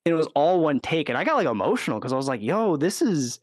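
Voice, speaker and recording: Very fast and very animated, this podcast guest, a recording engineer and producer with a slightly high voice, talks in a loose interview style. His speech wanders with constant "like" and "you know," and he performs quotes from others. The audio is dry and studio quality.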